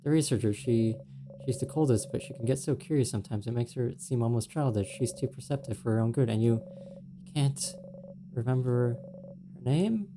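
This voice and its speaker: A man streaming a game, reading its second-person narration aloud in a quiet, steady way. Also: medium pitch, fairly quick, background noise.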